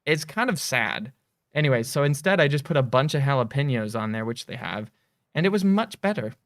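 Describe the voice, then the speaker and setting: A man hosting a game studio's livestream, telling stories in a rambling, animated way on a close mic. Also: mid-range voice, a little fast, no echo. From United States. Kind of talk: casual livestream chat.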